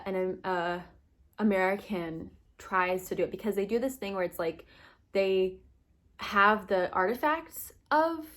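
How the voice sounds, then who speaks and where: A young woman vlogging about books, ranting casually with lots of fillers and short wry laughs. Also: mid-range voice. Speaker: book vlogger. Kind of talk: casual opinion rant.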